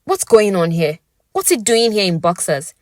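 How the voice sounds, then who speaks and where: A woman's voice: mid-range voice, big pitch swings, moderate pace, dry recording, studio quality, close to an everyday voice. A woman voicing a hurt young boyfriend who questions coldly. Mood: demanding. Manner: interrogating, cold.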